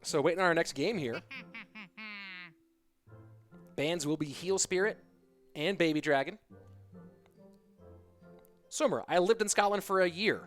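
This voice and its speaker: This young esports caster speaks slowly in a high-pitched voice, pausing often, while soft music plays behind him. He livens up the live stream with play-by-play calls and banter with viewers.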